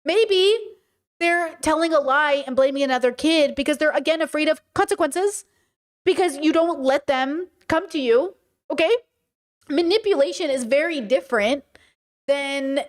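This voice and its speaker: A woman hosting a casual livestream, talking emphatically with rhetorical questions and answering her chat. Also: sits high. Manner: many fillers and restarts, rhetorical questions. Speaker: streamer and podcast host.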